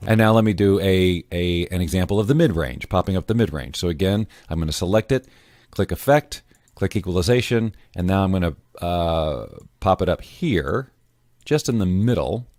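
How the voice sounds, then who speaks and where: A man walking viewers through an audio editing tutorial in a casual, self-correcting way, often clearing his throat. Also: low-pitched, expressive, moderate pace, darkish tone, no room sound, clean studio sound. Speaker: voiceover tutorial host. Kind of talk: screen-recorded software tutorial.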